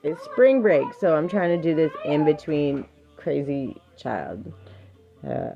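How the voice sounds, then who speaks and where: Lively low-voiced woman, lo-fi sound. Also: takes it slowly, vocal fry, soft background music. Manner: firm, patient parenting voice between affirmations; laughs often. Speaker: live streamer and mother. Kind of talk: casual live stream reading affirmations.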